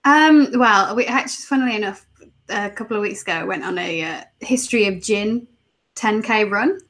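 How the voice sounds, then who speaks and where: A woman's voice: medium pitch, normal speed, a bit bright. An easygoing woman with an English accent, a guest on a podcast. She chats casually and giggles often between her thoughts. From England, near Birmingham. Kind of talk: casual chat.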